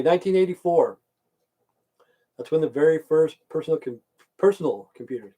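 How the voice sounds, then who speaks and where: An older man from the United States rambling and cursing as he chats with his livestream viewers, swinging between loud bursts and mumbles. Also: mid-range voice. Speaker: livestream host chatting with viewers. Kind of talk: rambling casual livestream rant.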